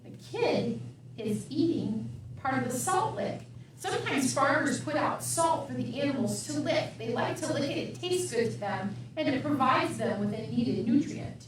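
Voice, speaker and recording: A woman's voice: high voice, expressive, normal speed, recorded from a distance, a little hiss or hum. A woman librarian reading a picture book aloud at storytime, chanting the refrains, making animal sounds and asking the children questions. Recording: echoey room, voice from off mic.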